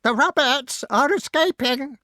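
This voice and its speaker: A shrieking, tattling crow. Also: male voice, very high-pitched, very animated, unhurried, fairly bright tone, dry recording, clean studio sound, pitched above the performer's own voice, heavily acted. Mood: shrill. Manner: shrieking, whining. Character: shrill, tattling pet crow. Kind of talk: audiobook character voice.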